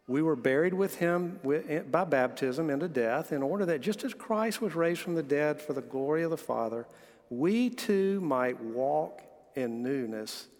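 A man preaching a sermon in a church sanctuary, his voice carrying a long hall reverb. He speaks earnestly at a middle pitch, weaving stories and scripture readings into his message. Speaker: pastor.

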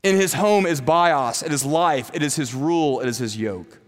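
A man's voice: fairly high pitch, normal speed. Man preaching in an echoing church. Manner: earnest preaching with rhetorical questions, growing quiet and soft near the end. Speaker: pastor. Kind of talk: sermon. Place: church sanctuary. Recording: long reverb of a church hall.

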